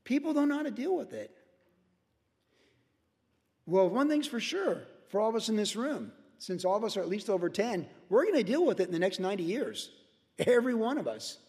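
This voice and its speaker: An older man preaching a verse-by-verse sermon to his congregation. He talks in a lively, conversational way and slips into mocking voices for his asides. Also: high voice, fairly quick. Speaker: pastor. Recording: echoey hall reverb.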